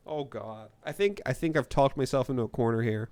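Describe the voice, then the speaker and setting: A man live-streaming a video game, chatting with viewers and reading lines aloud, loud and animated and laughing often. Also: medium pitch, brisk, few pauses, no echo. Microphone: desk mic with limiter.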